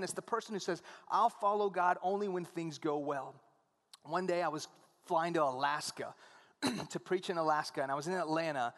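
A man preaching a sermon, telling stories and acting out the dialogue in an animated way. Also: on the high side, long reverb tail. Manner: animated storytelling, acts out dialogue.

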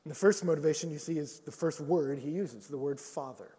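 High-voiced male preacher in an echoey hall. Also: brisk, slightly rough. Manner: lively storytelling with jokes and acted-out quotes. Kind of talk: sermon.

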